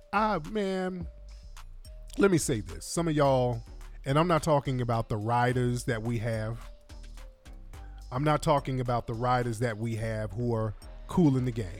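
A man hosting reaction commentary, mocking and animated, with lots of slang. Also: on the high side. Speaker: commentary host.

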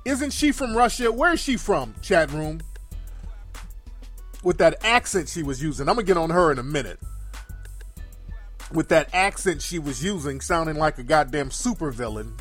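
A male call-in host whose voice sits a little above the usual male range. He rants bluntly and profanely, hammering his points by repeating phrases. Soft music plays low underneath him. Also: animated, moderate pace, pauses often. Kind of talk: casual livestream commentary.

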